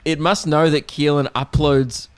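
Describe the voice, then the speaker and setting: A man's voice: on the high side, steady tone, a little slow, clear, resonant tone. A man co-hosting a podcast in casual chat, joking and laughing easily. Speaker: podcast co-host. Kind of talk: casual banter.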